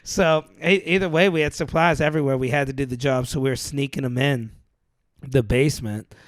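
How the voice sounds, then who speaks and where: In casual storytelling chat, this male podcast co-host rambles through an anecdote a little fast, laughing frequently and throwing in slang like "dude." His mid-range voice holds a steady tone, and the studio-quality recording has no echo.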